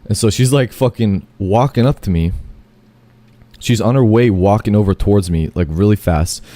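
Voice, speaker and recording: A man's voice: on the low side, moderate pace, mellow, no room sound. A man telling a long, rambling first-person story, full of fillers, self-corrections and casual swearing.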